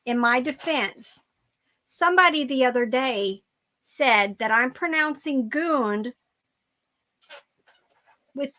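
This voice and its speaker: A woman hosting a live reselling stream, chatting casually in an upbeat, repetitive way. Her voice sits fairly high and her pace is slow and unhurried. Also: expressive, pushed and bright. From Germany. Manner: chatty, upbeat, repeats phrases. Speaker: reseller channel host.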